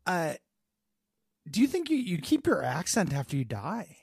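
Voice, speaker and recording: A man's voice: a little high, wildly swooping pitch, moderate pace, gravelly, breathy edge, no room sound, clean studio sound. A man co-hosting a podcast in a goofy, laid-back casual chat, rambling with fillers. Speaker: podcast co-host.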